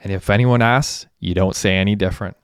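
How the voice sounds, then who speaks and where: A man voicing a young male roommate who argues calmly and persuasively for a scheme. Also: fairly low pitch, a little fast, clear, resonant tone, no room sound, studio quality, close to an everyday voice. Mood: scheming. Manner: calm, persuasive reasoning.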